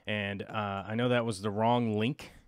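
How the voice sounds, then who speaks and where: A man's voice: fairly low pitch, little pitch movement, a little slow, clear, resonant tone, dry recording. Rambling man with a dry, close sound. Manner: rambling, scatterbrained, self-interrupting. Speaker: aquarium hobby vlogger. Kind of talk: casual vlog chat while browsing links.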